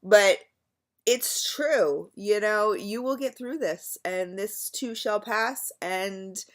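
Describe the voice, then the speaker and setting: A woman's voice: medium pitch, slow pace. Chatty, rambling woman vlogger. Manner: chatty, rambling, warmly gushing with frequent fillers. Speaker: beauty vlogger. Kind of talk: casual rambling vlog.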